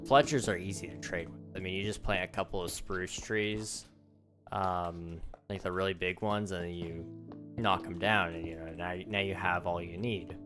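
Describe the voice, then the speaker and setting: Deep-voiced, slightly hoarse male streamer. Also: steady tone. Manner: chatty, thinks aloud with frequent ums and quick laughs. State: slightly hoarse, losing his voice. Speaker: gaming livestreamer. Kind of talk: casual live-stream chat while playing. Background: background music.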